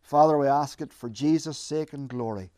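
A man's voice: mid-range voice, normal speed, a little mellow, no room sound. A man preaching and then leading an earnest, emphatic prayer for his congregation.

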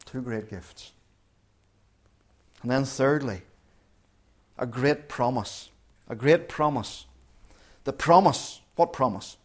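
A man preaching a sermon as pastor, slow and emphatic, repeating key phrases. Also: medium pitch, lively intonation, a little mellow. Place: church during communion service.

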